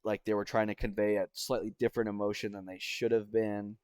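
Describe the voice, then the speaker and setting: A man's voice: on the low side, little pitch movement, a little fast, darkish tone, smooth, dry recording, studio quality. A young man talking through a casual video game review in a chatty, exasperated way, often trailing off and restarting. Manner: chatty and exasperated, with many fillers and self-interruptions.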